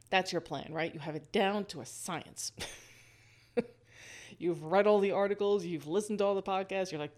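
A woman hosting a casual storytelling monologue, lively, laughing often and walking the listener through a scene. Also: medium pitch, normal speed.

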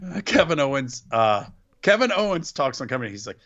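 This wrestling-recap podcast co-host has a mid-range, sing-song voice with a fairly bright tone, and he talks a little fast. His casual commentary is sarcastic and play-by-play, heard through dull, lo-fi podcast audio.

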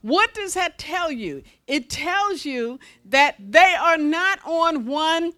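A woman minister preaching a sermon in a folksy, animated style with call-and-response to the congregation. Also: high voice, takes it slowly.

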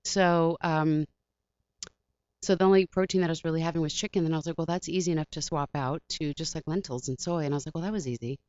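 A woman's voice: low-pitched, fairly even intonation, fast, darkish tone, clean tone, no room sound, lo-fi sound. A woman from the Washington, D.C. area, a guest chatting casually and rambling, acting out her own quotes. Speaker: actress guest. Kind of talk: casual interview chat.

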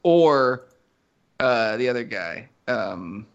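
Gravelly rambling man in casual chat. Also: medium pitch, takes it slowly, dull audio. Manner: rambling, animated, many fillers and restarts. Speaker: podcast co-host.

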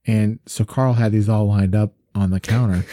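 A man's voice: lowish voice, fairly even intonation, moderate pace, warm tone, dry recording, studio quality. A man co-hosting a casual faith discussion, friendly and teasing, telling stories with animation. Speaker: podcast co-host.

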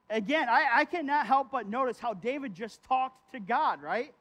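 A man's voice: very high voice, expressive, unhurried, lo-fi sound. A man preaching a sermon as pastor in a conversational way, tagging his points with "right?" and reading scripture aloud with feeling. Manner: conversational, keeps asking "right?".

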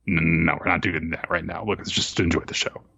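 A man co-hosting a casual podcast, recapping manga chapters with lively impressions of the characters. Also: creaky, husky, no room sound, lo-fi sound. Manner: animated, jumps into quick high voices for quoted characters. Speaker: podcast co-host.

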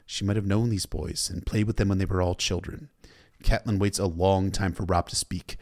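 A man's voice: deep voice, fairly even intonation, brisk, a little mellow. A man recapping a story in a casual, irreverent way, cursing freely. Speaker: book recap narrator.

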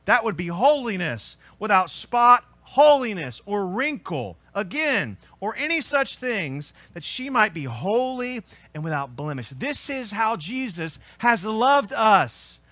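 Bright-voiced, high-pitched preaching pastor. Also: male voice, sing-song, measured pace, hardly any pauses, dry recording. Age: adult with children. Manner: earnest preaching, rising to emphatic peaks then dropping low. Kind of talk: sermon.

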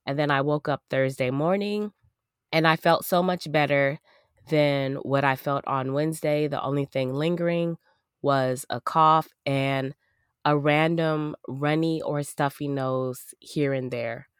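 A woman hosting a casual podcast, her voice hoarse and nearly gone from coughing, chatty and repeating herself. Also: low-pitched, steady tone, unhurried, no room sound, clean studio sound. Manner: chatty, repeats herself, laughs between thoughts. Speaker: podcast host.

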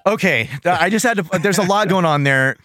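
A man hosting a casual cartoon review podcast, animated and joking, laughing often. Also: high-pitched, brisk, over music. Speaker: podcast host.

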